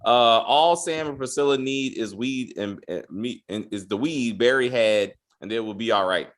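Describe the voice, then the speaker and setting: A man co-hosting a casual TV review podcast, swearing freely and acting out characters' lines in quick exasperated bits. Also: medium pitch, a bit bright. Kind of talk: casual spoiler review chat.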